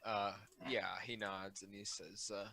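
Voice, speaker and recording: A man's voice: fairly low pitch, level tone, measured pace, background noise. A young man playing a tabletop game, laid-back and joking. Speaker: player. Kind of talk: casual game chat.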